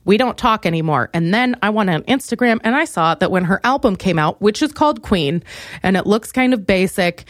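A young woman hosting a comedic solo podcast, ranting theatrically and jumping into loud, high outbursts. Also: animated, fairly quick, no room sound, clean studio sound. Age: young adult. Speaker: podcast host.

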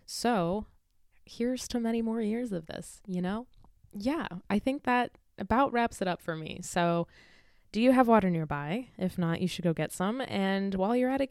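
A woman co-hosting a podcast, talking in a relaxed, friendly way with casual fillers. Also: fairly low pitch, smooth, no echo, studio quality. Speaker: podcast co-host. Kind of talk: casual chat.

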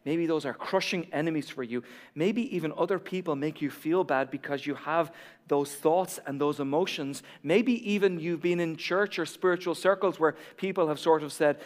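A man preaching a sermon, emphatic and repetitive, swinging from hushed to loud. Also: fairly high pitch. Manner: emphatic, repeats key lines, drops to near whisper then builds. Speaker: pastor. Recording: long reverb of a large hall.

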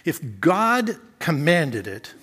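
A pastor with a fairly high, sing-song voice preaches a sermon at a slow pace. He sinks into quiet reflection, then climbs to emphatic, repeated phrases.

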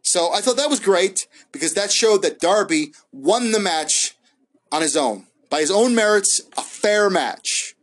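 Solo host, male, rambly casual review, lots of ums and restarts, voice sits a bit high. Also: lively intonation, measured pace. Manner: rambling, hesitant, many fillers and restarts, laughs often. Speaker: wrestling podcast host.

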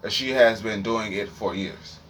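A man's voice: on the low side, measured pace, a bit bright, slight background noise. A young man with a Washington, D.C. accent, rambling profanely and animatedly through a freestyle monologue. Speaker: streamer.

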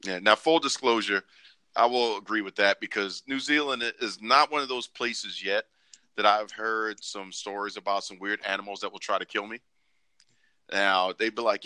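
A man co-hosting a podcast in casual chat, joking and acting out quoted lines in squeaky voices. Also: normal speed, clean tone, no echo. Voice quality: animated, joking, acts out quotes in high voices. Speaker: podcast co-host.

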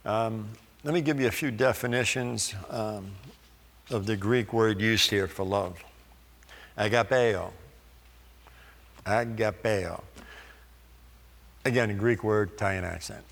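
A man preaching a sermon, reading scripture slowly and deliberately with pauses. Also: fairly low pitch, creaky, a bit bright, in a large hall.

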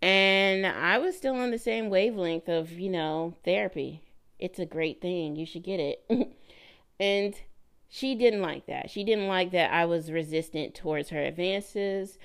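A woman hosting her own podcast, telling a personal story in a casual, animated way and acting out the voices in her quotes. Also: fairly low pitch, measured pace, clear, resonant tone. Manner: animated, laughing, mimics voices in quoted lines. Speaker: podcast host.

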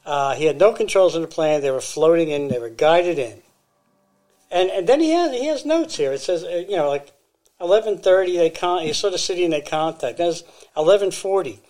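A man's voice: a little high, expressive, a little fast, a little mellow. Man rambling through a retelling. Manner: rambling retelling with fillers and restarts. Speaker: podcast co-host. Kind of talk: casual storytelling chat.

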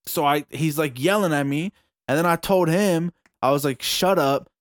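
A young man with an Australian accent telling a story in a casual chat, animated and swearing freely. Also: fairly high pitch, moderate pace, no room sound, clean studio sound.

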